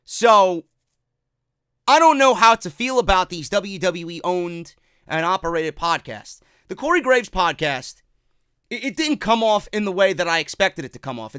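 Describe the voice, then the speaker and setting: A man's voice: high-pitched, sharp tone, no room sound, studio quality. A man hosting a wrestling talk show, giving a profane, sarcastic rant. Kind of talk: opinionated rant.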